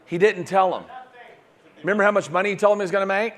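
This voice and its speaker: A man teaching sales at a live seminar in front of an audience. He talks in an animated way and keeps checking in with "right?". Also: sits high, quick pace. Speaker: sales trainer.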